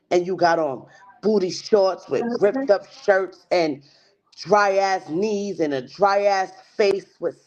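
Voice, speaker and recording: A woman's voice: fairly low pitch, a little mellow. Woman ranting New livestream host. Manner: profane, heated ranting, mocking voices. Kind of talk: livestream rant. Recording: dull lo-fi stream audio.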